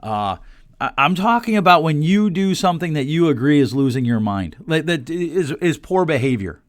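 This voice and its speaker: A man's voice: a little high, big pitch swings, normal speed, no room sound, clean studio sound. A man in his forties hosting a solo podcast, talking bluntly and animatedly, quoting people in put-on voices. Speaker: podcast host.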